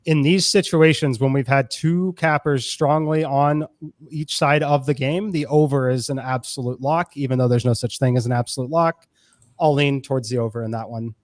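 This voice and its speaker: A man giving betting analysis in a quick, matter-of-fact way. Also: medium pitch, fairly even intonation, no echo.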